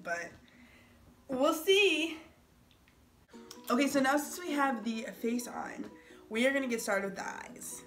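A woman's voice: on the high side, fairly bright tone. A woman beauty vlogger chatting casually through a makeup tutorial. She rambles and jokes at her own expense. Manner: chatty, rambling and self-mocking.

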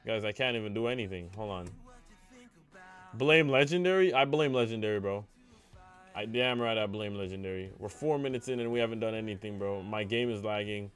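Over soft background music, a young man's lowish, clean-toned voice runs a little fast as he streams live gameplay. He talks to his chat with excitement and yelps in dismay when things don't go his way.

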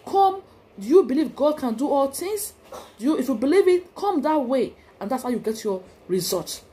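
A woman's voice: high voice, sing-song, normal speed, mellow, a little hiss or hum. Emphatic Nigerian woman preaching. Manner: emphatic, exhorting, repeats phrases. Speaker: preacher, channel host. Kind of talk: devotional preaching.

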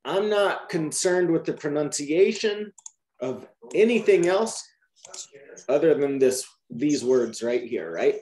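Lively man coaching new teachers. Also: fairly high pitch, takes it slowly, echoey room. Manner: lively, repeats "right?" to check understanding. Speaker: language teacher trainer. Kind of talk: explaining teaching methods in a training Q&A.

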